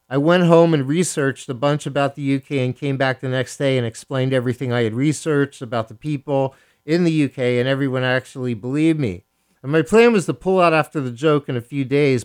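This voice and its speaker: A male radio DJ host reading a listener's confession aloud, then giving playful, mock-solemn commentary with frequent chuckles. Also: medium pitch.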